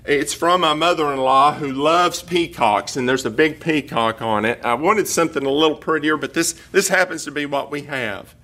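A middle-aged man preaching a sermon, unhurried, often asking his listeners questions. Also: a little high, pushed and bright. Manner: unhurried, asks the audience questions. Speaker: pastor.

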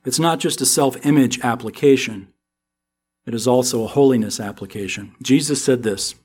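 A middle-aged American pastor delivers a sermon at an ordinary male pitch. He preaches with animated energy and pushes up into emphatic questions. His delivery is that of a practiced speaker addressing a congregation. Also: moderate pace, breathy edge.

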